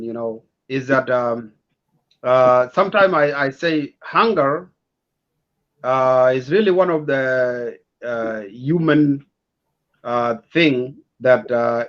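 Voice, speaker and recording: A man speaking as a talk show guest, measured and hesitant with many fillers. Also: mid-range voice, a bit bright, dull audio.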